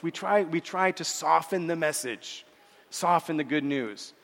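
Earnest preacher, slightly high voice. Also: male voice, creaky, fairly bright tone, in a large hall. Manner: earnest preaching, repeats words, slows for scripture quotes. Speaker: pastor. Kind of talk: sermon.

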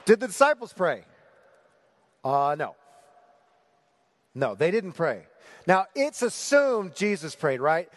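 Male pastor, higher-pitched, very lively delivery, sermon with long hall reverb. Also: a little slow, pauses often. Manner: animated, rhetorical questions to the congregation.

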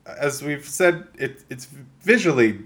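A man's voice: a little high, lively intonation, slow, fairly bright tone. A young man co-hosting a casual game review chat, argumentative and swearing, often trailing off mid-thought. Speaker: podcast co-host.

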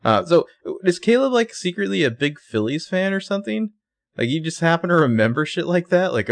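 A man co-hosting a casual recap chat, animated and sarcastic, jumping into high, loud voices when quoting characters. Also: brisk, dry recording. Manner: profane and sarcastic. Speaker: podcast co-host.

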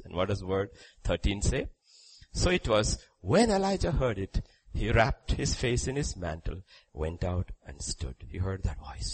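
A man preaching a sermon, swinging between loud, declaiming lines and hushed, quiet ones. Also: lowish voice, sing-song, normal speed, husky, poor audio.

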